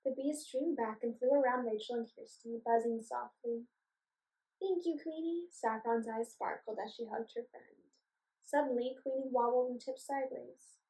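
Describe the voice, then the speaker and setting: A woman's voice: a little high, moderate pace. Woman reading a children's story aloud. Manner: expressive, clear storytelling. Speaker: storybook reader. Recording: echoey room, voice from a distance.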